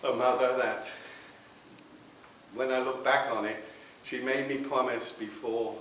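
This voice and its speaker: A man giving a heartfelt spiritualist sermon, often pausing to ask the congregation "okay?". His voice sits at an ordinary middle pitch. It reaches the mic from across a very reverberant church hall, with a faint hiss underneath. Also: steady tone, fairly bright tone, distant mic. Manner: earnest, tag questions with okay. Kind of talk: sermon with personal testimony.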